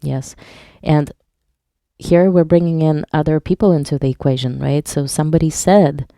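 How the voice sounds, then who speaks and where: A woman's voice: deep voice, fairly even intonation, moderate pace, vocal fry, warm tone, dry recording, studio quality. A woman hypnotherapist leading a live online workshop, reading viewers' chat aloud and explaining patiently, with some wordplay. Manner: plays on words while teaching.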